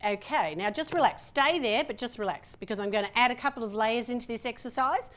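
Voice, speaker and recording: A slightly high-voiced woman running a group voice workshop. She is lively and playful, and she counts breaths slowly while cueing every step of the exercise. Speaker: voice workshop presenter. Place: room with a participating group.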